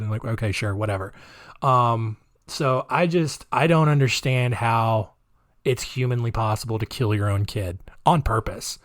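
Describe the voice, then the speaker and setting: A man's voice: medium pitch, animated, measured pace, dry recording. A man hosting a podcast in a casual monologue, rambling, offhand and sarcastic, on a close mic. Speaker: podcast host.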